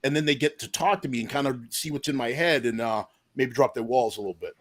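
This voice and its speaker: Speaking quickly in a medium-pitched voice, this forties-aged deputy police chief relates a lengthy personal tale as a podcast interview guest. Along the way he performs the voices of the story's characters.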